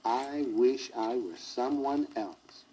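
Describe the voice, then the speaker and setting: A man's voice: medium pitch, takes it slowly, dark tone, lightly acted. A man voicing a silly, self-pitying young male elephant who whines and bawls, on a crackly 1960s vinyl record. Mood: sobbing. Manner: whiny and tearful, bawling.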